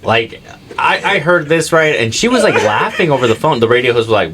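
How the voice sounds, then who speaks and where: A man's voice: mid-range voice, big pitch swings, fast, a bit bright, a little hiss or hum. A young man co-hosting a casual comedy podcast, rambling through stories with lots of "like" and "dude". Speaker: podcast co-host.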